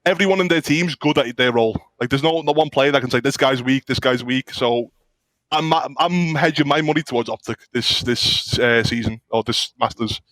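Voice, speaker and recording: A man's voice: medium pitch, normal speed, fairly bright tone, no room sound. A man talking loosely as a guest on an esports talk show, rambling with slang and swearing. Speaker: pro player guest. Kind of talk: casual esports chat.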